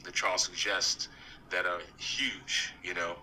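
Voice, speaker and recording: A man's voice: low voice, little pitch movement, measured pace, bright, forceful tone. A man co-hosting a casual trading chat, eager and rambling, full of "you know". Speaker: co-host. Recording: roomy echo, far from mic, faint noise.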